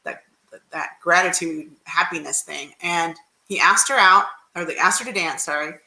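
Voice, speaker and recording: A woman's voice: on the low side, moderate pace, sharp tone, echoey room, rough recording. A woman dating coach telling a story on a livestream, chatty and rambling with many restarts.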